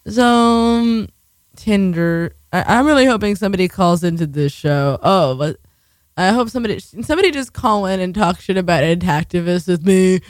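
A woman's voice: fairly low pitch, normal speed, no room sound, clean studio sound. A young woman hosting a community radio talk show, rambling and swearing as she tells stories. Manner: profane, rambling, animated. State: tired.

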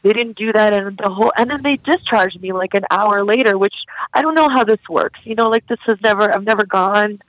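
A woman's voice: mid-range voice, fairly quick, fairly bright tone, dry recording, low-quality recording. A young woman recounting a personal story in an interview, casual and candid with many fillers. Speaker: guest.

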